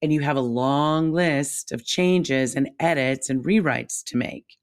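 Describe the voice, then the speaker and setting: Woman podcast co-host, low voice, reflective, animated chat. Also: measured pace. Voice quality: calls her own voice squeaky. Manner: reflective, animated, jumps in pitch when emphatic. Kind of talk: casual chat.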